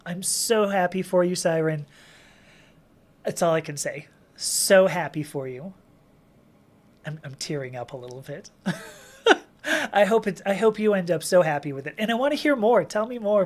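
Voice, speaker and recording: A woman hosting a casual livestream Q&A, chatting and reading viewer comments aloud with frequent laughs and restarts. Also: on the low side. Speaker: livestream host answering chat questions.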